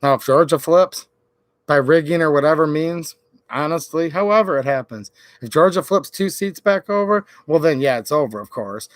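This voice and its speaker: A man's voice: fairly high pitch, animated, moderate pace, dry recording. A man from Michigan ranting sarcastically on a late-night political livestream. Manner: ranting, sarcastic, mocks senators in quoted voices. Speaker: political YouTuber.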